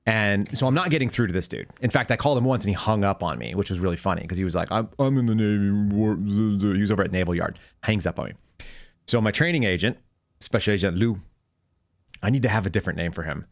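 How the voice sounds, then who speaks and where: A man hosting a podcast, telling rambling anecdotes in casual chat, with quick self-corrections. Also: on the low side, animated, vocal fry, no echo. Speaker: podcast host, former FBI agent.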